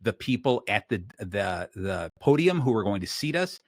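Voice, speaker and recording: A man hosting a podcast, chatting casually and telling lively stories in which he acts out clerks and waiters. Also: fairly low pitch, normal speed, no room sound, studio quality. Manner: animated storyteller acting out store clerks. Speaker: podcast host. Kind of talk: casual conversation.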